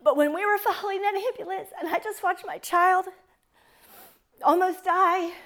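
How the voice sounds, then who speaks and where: A woman's voice: very high-pitched, moderate pace, a bit bright. A woman in her forties telling a personal testimony to an audience in an earnest, fervent storytelling manner. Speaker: speaker sharing a testimony.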